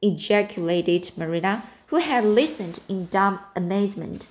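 A woman narrating an audiobook in a plain, steady way. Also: mid-range voice, moderate pace. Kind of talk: audiobook reading.

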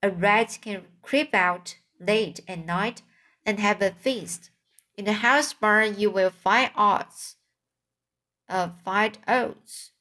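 A woman's voice: mid-range voice, slow, sharp tone. A woman voicing a knowing old sheep, persuasively listing treats in a storybook reading.

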